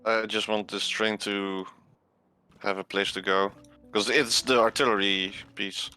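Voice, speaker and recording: A man's voice: lowish voice, little pitch movement, measured pace, bright, forceful tone, clean tone, faint music behind. A man chatting casually while playing a multiplayer game, explaining things in a matter-of-fact way. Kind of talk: casual gaming chat.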